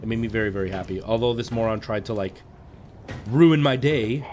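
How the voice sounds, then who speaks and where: A man's voice: lowish voice, little pitch movement, racing, a little mellow, slight background noise. A man live streaming and chatting casually to his viewers, ranting in exasperation as he talks straight to them over a headset mic.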